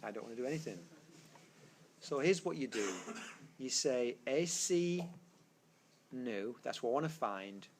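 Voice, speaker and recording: Teaching a physics class to students, a man speaks a little slowly at medium pitch with lively intonation and long pauses. He goes step by step, thinking out loud and revising what he says, over background noise captured by a tablet screencast microphone.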